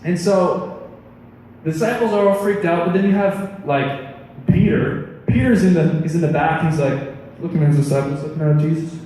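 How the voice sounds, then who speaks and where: A man preaching a casual youth sermon, animated and chatty, with a voice sitting a little high. He is heard from a distance across a reverberant hall, with long echo tails and faint room noise. He tells stories in a loose, conversational way. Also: normal speed. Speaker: youth pastor. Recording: echoey hall, mic far off.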